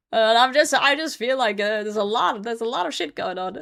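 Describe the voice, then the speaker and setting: A woman's voice: fairly high pitch, animated, unhurried, vocal fry, fairly bright tone. A woman streamer chatting casually to her viewers. She swears freely, laughs often and flares into mock rants. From outside the US. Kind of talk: casual live-stream chat.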